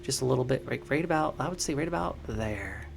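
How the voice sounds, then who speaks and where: A young man chatting excitedly to his viewers while building in a game, slangy and easily distracted. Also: mid-range voice, fast, vocal fry, a little hiss or hum. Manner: chatty, hyped, slangy, talks to chat as crew. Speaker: game streamer. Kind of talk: casual livestream commentary.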